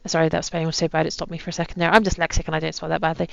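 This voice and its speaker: A woman's voice: deep voice, level tone, rapid-fire, creaky, hardly any pauses, no echo, lo-fi sound. A woman hosting a gaming video, giving casual, chatty commentary with amused asides.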